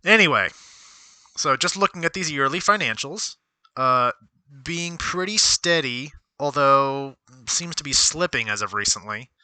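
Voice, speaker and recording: A man streams casual commentary from a desk at home, his voice very bright and clean. The sound is dry and close. He rambles, reads aloud, and talks to himself, often stopping to correct a word. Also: medium pitch, expressive, unhurried, clear, resonant tone, no echo. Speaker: streamer reviewing stocks.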